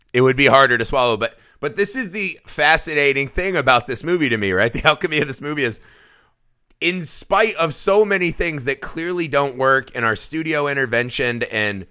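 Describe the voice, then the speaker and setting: Bright-voiced joking man. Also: fairly high pitch, clear, resonant tone. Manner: joking, swearing, laughs often. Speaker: podcast co-host. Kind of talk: casual movie chat.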